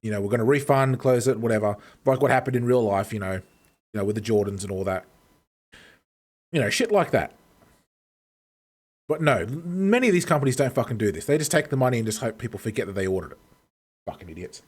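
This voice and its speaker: A man's voice: medium pitch, expressive, a little fast, long pauses, slightly rough. A man ranting casually on a live stream, swearing heavily and eating as he talks.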